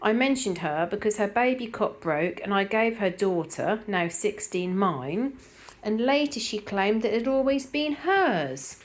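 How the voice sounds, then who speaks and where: This middle-aged woman has a Norfolk accent and a medium-pitched, animated voice at a measured pace. She reads viewer comments aloud for her decluttering vlog, chatting casually and rambling with lots of fillers.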